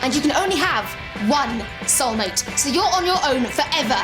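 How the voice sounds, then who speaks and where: A bitter, cutting young stepdaughter. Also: female voice, high-pitched, animated, normal speed. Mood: taunting. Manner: taunting and cutting, then frantic and remorseful. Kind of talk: television soap drama acting. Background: loud music.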